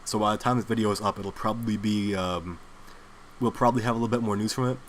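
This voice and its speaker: A man's voice: lowish voice, quick pace, slight background noise. A young man hosting his own commentary show, delivering a heated political monologue full of filler words. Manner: animated, heated, with many filler likes. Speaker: host.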